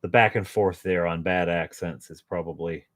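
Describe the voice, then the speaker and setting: A man's voice: low-pitched, steady tone, normal speed. A man chatting casually to his viewers while painting at home, joking about himself and chuckling often. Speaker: painting vlogger.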